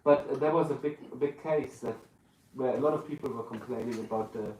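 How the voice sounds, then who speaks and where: A man's voice: mid-range voice, fairly quick, darkish tone. A man with a German accent, a guest in a live podcast interview, searching for his words as he talks. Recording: roomy live venue, distant mic, faint room noise.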